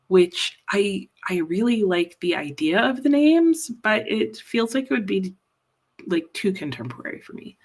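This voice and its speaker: A woman hosting a live reading stream, chatting casually and rambling about books while teary. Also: medium pitch. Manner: chatty, rambling, laughs easily. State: teary, emotional. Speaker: livestream host. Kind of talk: casual chat.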